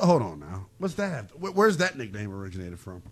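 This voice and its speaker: A man co-hosting a casual football talk show, animated and joking between game recaps. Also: on the low side, fairly quick, a crowd in the background. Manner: animated, bouncing between hype and jokes. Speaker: sports show co-host.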